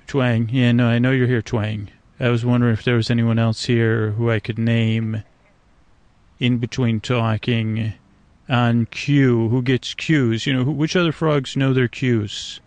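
Gravelly man rambling softly outdoors. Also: mid-range voice, flat delivery, a little slow, dry recording. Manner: meandering, hesitant, full of restarts and fillers, talks to frogs. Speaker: sleep podcast host. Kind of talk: rambling improvised monologue to nature. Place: outdoors by a swamp at night.

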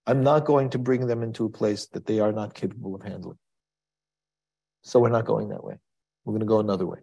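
A man's voice: fairly low pitch, steady tone, a little fast, vocal fry, dark tone, breathy edge. A man teaching a Torah class in a conversational style, asking rhetorical questions and quoting Hebrew verses.

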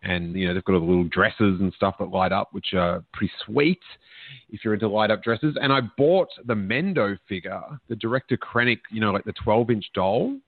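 A man's voice: fairly low pitch, fairly quick, no room sound. Podcast host guy rambling and joking, sounds like a phone line, totally dry. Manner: chatty, joking, tells anecdotes. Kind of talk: casual chat.

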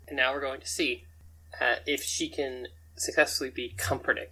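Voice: mid-range voice, fairly even intonation, normal speed, creaky, sharp tone, a little hiss or hum, rough recording. A game master narrating a tabletop game in a rambling way, often chuckling between descriptions.

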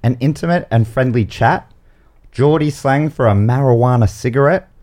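A man's voice: mid-range voice, moderate pace, darkish tone. A man with an Australian accent hosting a comedy trivia podcast, explaining the rules with wry, joking asides. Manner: wry, jokey rule explanations with playful asides. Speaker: game show host.

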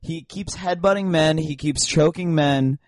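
A man's voice: on the high side, a little slow, no room sound. Joking young man on a podcast. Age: young adult. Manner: joking, rambling, laughs often. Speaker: podcast guest. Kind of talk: casual comedic podcast chat.

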